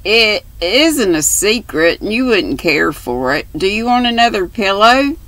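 A woman's voice: medium pitch, sing-song, unhurried, fairly bright tone, dry recording, voice pushed up, low-quality recording. Earnest little girl, read by a woman.

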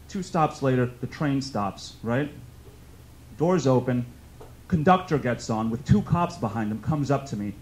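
A young man from New York performing a stand-up comedy set in a club, telling stories casually and breaking into loud shouted bursts. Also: medium pitch, animated, measured pace, a little hiss or hum. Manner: conversational storytelling, bursts into loud shouted outbursts.

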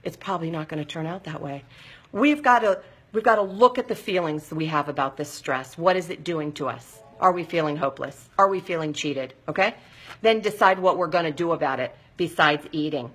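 A middle-aged woman talks straight to her listeners in a live motivational talk, pausing often to check they follow. Her voice is bright and forward, with a husky edge, and sits a little low for a woman. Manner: direct, coaching, with frequent check-ins to listeners. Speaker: weight-loss counselor hosting a live show.

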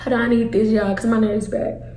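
A young woman telling a storytime to her viewers, animated and profane, calling them y'all. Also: fairly high pitch, brisk, reverberant, background noise. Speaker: storytime vlogger. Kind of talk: casual storytime.

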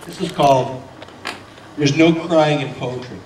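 A man's voice: on the high side, unhurried, darkish tone. Poet guy reading at a college, lots of uhs, dry jokes, far-off mic in an echoey room, light hiss. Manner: hesitant, with dry humor and many fillers. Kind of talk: poetry reading.

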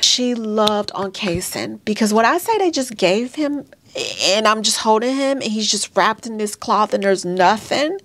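A woman in her thirties tells her own painful story to her viewers, halting and emotional, calling them y'all. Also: mid-range voice, animated, fairly bright tone. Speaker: vlogger sharing a birth story. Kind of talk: personal storytelling to camera.

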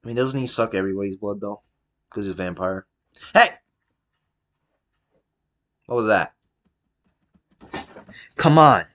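A man narrating his gameplay in a casual let's-play, with a lively, bouncing pitch. He talks to himself with jokey wordplay and bursts into shouting at his game character. He sounds excitable and self-amused. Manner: excitable, yelling at the game character between mumbled asides. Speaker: gameplay commentator.

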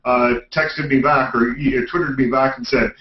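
A man telling a story in a relaxed, wry way. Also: mid-range voice, normal speed, reverberant, dull audio, a little hiss or hum. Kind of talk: casual chat.

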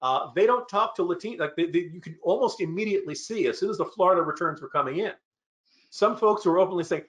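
A man on a political panel giving sardonic, fast-flowing analysis and mock-quoting his opponents. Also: sits high, fairly bright tone. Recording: lo-fi, muffled audio.

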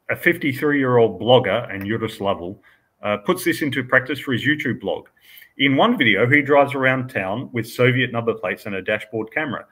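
A bright, husky-voiced man hosting a live show and reading news stories aloud. He keeps breaking off for dry, sarcastic comments and chuckles. His voice has an edge of brightness and grain. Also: medium pitch, low-quality recording. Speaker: podcast host.

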